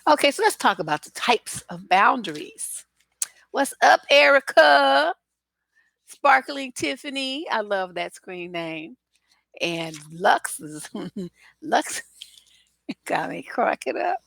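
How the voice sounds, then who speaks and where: A woman relationship coach talking to her viewers in a casual live broadcast, blunt, animated and freely profane. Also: fairly high pitch, slow pace, gravelly, pauses often, dry recording.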